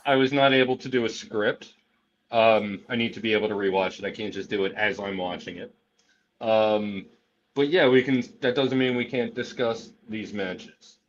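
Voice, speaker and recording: A man's voice: on the low side, fairly even intonation, moderate pace, lo-fi sound, slight background noise. A man co-hosting a wrestling talk show in casual chat, often hesitant and restarting. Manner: hesitant, many fillers and restarts. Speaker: wrestling podcast co-host.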